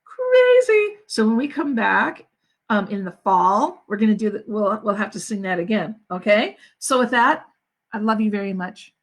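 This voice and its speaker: A woman, a school principal, chatting casually to her students on a livestream, encouraging and quick to laugh, with restarts. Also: mid-range voice.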